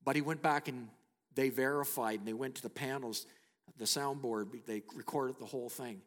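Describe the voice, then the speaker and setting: A man preaching a sermon as he retells a story, emphatic, with dramatic pauses and sudden hushed drops. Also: medium pitch, fairly even intonation. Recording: long hall reverb.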